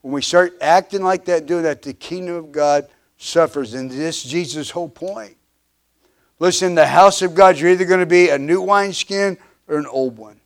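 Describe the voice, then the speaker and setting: A man in his fifties preaching a sermon, his voice sitting a little high for a man. He hammers on repeated refrains, climbing louder, then sinking low. He stumbles into restarts and uhs as he goes. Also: normal speed. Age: 50s. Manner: emphatic preaching with repeated refrains, swelling and dropping in volume; frequent restarts and filler uhs. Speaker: pastor.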